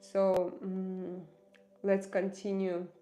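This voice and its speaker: A woman with a Russian accent, a non-native English speaker, chatting casually with viewers on her livestream, often pausing and restarting as she searches for words. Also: medium pitch, completely flat delivery, warm tone. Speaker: livestream host.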